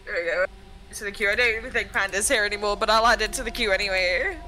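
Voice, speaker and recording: A woman's voice: mid-range voice, fast talker, pushed and bright, slight background noise, poor audio. A woman co-streaming, chatting casually, thanking followers and laughing often. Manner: giggly, frequent laughter.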